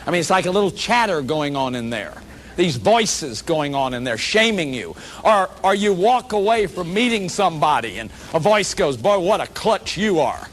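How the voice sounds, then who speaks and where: A man's voice: fairly high pitch, sing-song, normal speed. A man giving a workshop lecture to an audience, talking animatedly, acting out quoted voices and often restarting his sentences. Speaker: lecturer on shame and addiction.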